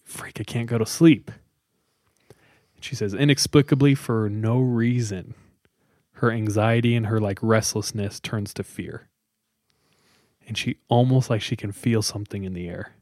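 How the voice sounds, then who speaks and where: A man hosting a podcast, casually telling a scary story with dramatic pauses and lots of "like.". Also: on the low side, no echo, clean studio sound. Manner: relaxed, dramatic pauses, many "like"s.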